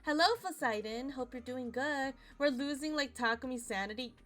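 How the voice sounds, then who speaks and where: A young woman streaming a game, chatty and excitable, with a voice still rough from a nap. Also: high voice, moderate pace. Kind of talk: casual game commentary.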